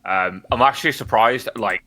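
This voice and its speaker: A man's voice: on the low side, a little fast, bright, forceful tone. A young man co-hosting a podcast, talking bluntly in casual chat with lots of swearing and filler words. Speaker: podcast co-host.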